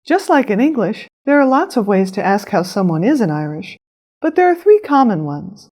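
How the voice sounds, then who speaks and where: A woman narrating a scripted language lesson, explaining phrases clearly and pronouncing them with care. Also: mid-range voice, very animated, darkish tone. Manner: clear, measured instruction with careful pronunciation. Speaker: language teacher.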